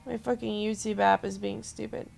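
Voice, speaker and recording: A woman's voice: mid-range voice, steady tone, normal speed, creaky, darkish tone, soft background music. A young woman streamer venting to her viewers in a rambling, swearing rant. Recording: noisy background.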